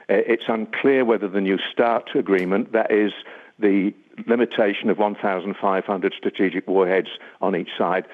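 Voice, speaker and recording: An older man, a defence analyst, answering a radio interviewer gravely and deliberately, with many ums and uhs. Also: lowish voice. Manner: measured, grave, with frequent um and uh. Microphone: phone line. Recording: tinny phone line.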